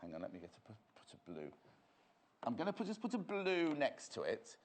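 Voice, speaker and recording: A man's voice: medium pitch, wildly swooping pitch, brisk. A man presenting a live sewing demonstration on a shopping channel, chatty and gossipy as he teases the crew. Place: TV studio.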